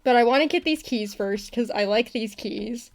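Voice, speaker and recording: A woman's voice: fairly high pitch, normal speed. Giggly, rambling woman streamer. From not from Texas. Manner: rambling, giggly, laughs often, many restarts. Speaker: animator streaming her work. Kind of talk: casual live-stream chat while working.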